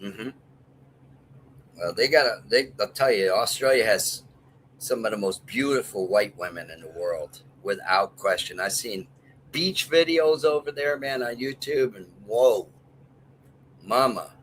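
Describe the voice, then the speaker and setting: A man's voice: fairly low pitch, expressive, measured pace, a bit bright, a little hiss or hum, poor audio. Rambling, jokey older man guest. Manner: rambling, jokey storyteller who laughs often. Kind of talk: casual livestream chat.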